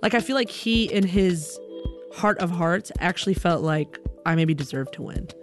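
Animated woman telling a comic story. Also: on the low side, moderate pace, faint music behind. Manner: animated, acts out other people's voices.

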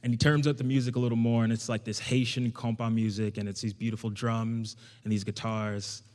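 A young man telling a personal story to an audience in a casual, conversational way, getting animated when he quotes himself. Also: mid-range voice, a little fast. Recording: long hall reverb.

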